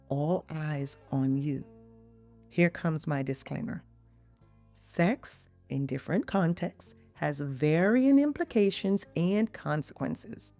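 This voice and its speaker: A woman's voice: sits low, warm tone, no echo. A middle-aged woman hosting a podcast, chatting in a playful way with teasing asides to the listener. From Jamaica. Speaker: podcast host and physician.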